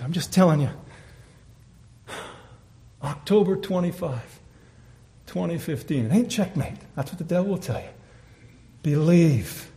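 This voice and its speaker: A man preaching a sermon, telling stories and breaking into loud, impassioned exclamations. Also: mid-range voice, expressive, moderate pace, pauses often.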